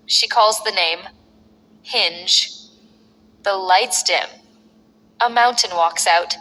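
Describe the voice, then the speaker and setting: Bright-voiced woman narrating fights. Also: medium pitch, slow, pauses often. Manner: punchy, clipped fight narration. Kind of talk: dramatic story narration. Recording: echoey long reverb.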